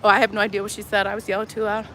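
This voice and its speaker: A woman's voice: medium pitch, completely flat delivery, racing, bright, forceful tone. A woman protesting in the street, arguing bluntly and swearing freely. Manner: blunt, combative, profane. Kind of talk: heated street argument. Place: outdoors by a street. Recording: street traffic noise behind.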